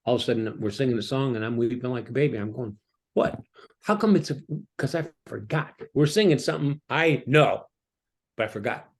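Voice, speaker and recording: A middle-aged man, a pastor, talking through a reflective sermon-style message with many ums and restarts. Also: mid-range voice. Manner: halting, with frequent ums and restarts. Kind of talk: reflective preaching talk.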